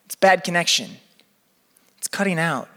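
A young man preaching a sermon as campus pastor, chatty and energetic with a live crowd. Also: fairly high pitch, normal speed. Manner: energetic, chatty, acts out quotes. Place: church venue with balcony. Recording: long hall reverb.

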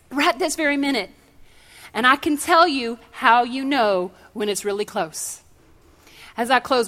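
A middle-aged woman delivers a sermon in a high voice. She tells stories in a lively, conversational way, then rises into loud, fervent proclaiming before dropping down to a soft, earnest prayer. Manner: animated, swings between loud proclaiming and quiet storytelling. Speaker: preacher.

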